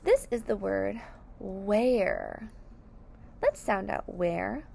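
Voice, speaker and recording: A woman's voice: mid-range voice, animated, very slow, vocal fry, mellow. A woman teaching phonics to young children, patiently sounding out each word letter by letter.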